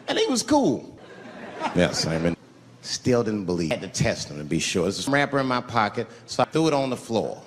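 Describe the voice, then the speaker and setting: A middle-aged man doing a stand-up routine, telling a story with animated delivery, shouted punchlines and acted-out voices. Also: medium pitch, a little fast, crowd noise. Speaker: stand-up comedian. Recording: echoey large venue with background noise.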